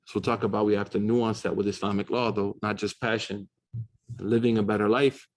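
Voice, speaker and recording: An American man giving a casual classroom lecture on religious texts, animated and slangy, switching into quick recitation. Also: on the low side. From United States. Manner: fast, slangy, animated storytelling with Arabic recitation. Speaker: Islamic studies teacher. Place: university classroom.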